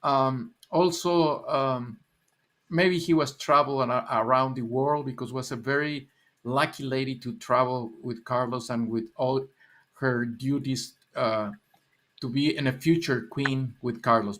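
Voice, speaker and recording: A man's voice: medium pitch, steady tone, unhurried, fairly bright tone. Laughing older Mexican man with a Spanish accent. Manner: rambling, laughing, repeating words. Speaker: livestream guest. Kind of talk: casual chat.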